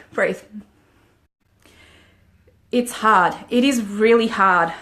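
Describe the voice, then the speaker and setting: A woman, a life coach, talking frankly and emotionally to viewers in a motivational live-stream monologue. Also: mid-range voice.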